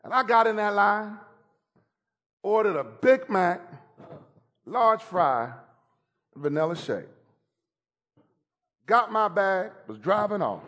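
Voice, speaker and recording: High-voiced preacher man, shouting and joking. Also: animated, slow pace, long pauses. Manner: humorous storytelling preacher, breaks into shouts; teases the congregation directly. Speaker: pastor. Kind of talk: sermon. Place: church service.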